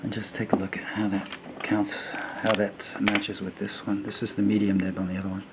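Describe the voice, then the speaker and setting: A man in his fifties casually reviewing a fountain pen, talking in a halting, rambling way with lots of fillers and trailing off as he writes. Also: on the low side, completely flat delivery, highs cut off, heavy background noise. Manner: rambling, halting, many fillers, drifts to a mutter while writing. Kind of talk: casual unboxing and writing test.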